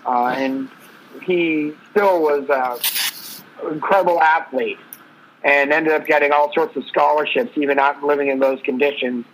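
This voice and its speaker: A man's voice: a little high, steady tone, a little slow, a bit bright, a little hiss or hum, low-quality recording. A man co-hosting a casual sports talk show, telling a sports story in a loose, rambling way. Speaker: podcast co-host.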